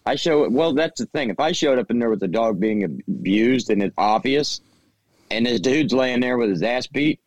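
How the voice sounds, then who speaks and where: A man's voice: mid-range voice, lively intonation, normal speed, no room sound, poor audio. A man co-hosts a casual podcast, speaking his mind bluntly and profanely and stammering over his restarts. His voice sits dry and close, with no room around it. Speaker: podcast co-host.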